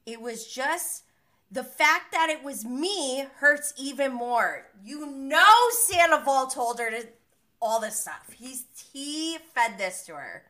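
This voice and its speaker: A woman's voice: high-pitched, animated, slow pace, sharp tone. A young woman live-streaming a reality show recap in a casual, blunt manner, swearing freely.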